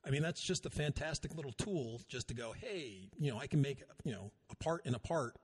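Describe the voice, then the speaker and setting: A man's voice: medium pitch, animated, a little fast, darkish tone, breathy edge. A man co-hosting a podcast, telling a rambling, self-deprecating story in casual chat. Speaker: podcast co-host.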